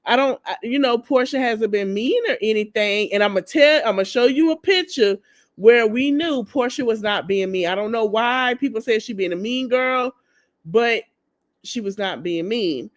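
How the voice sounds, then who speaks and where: A woman's voice: a little high, normal speed. A woman hosting a podcast, casually recapping a TV episode in a chatty, slangy, gossipy way and talking straight to her listeners. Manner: acts out the people she quotes. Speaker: podcast host.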